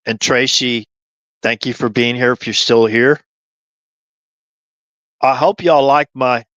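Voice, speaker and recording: A man's voice: mid-range voice, a bit bright, dry recording, lo-fi sound. Rambling conspiratorial male streamer. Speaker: livestream host. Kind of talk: rambling livestream commentary.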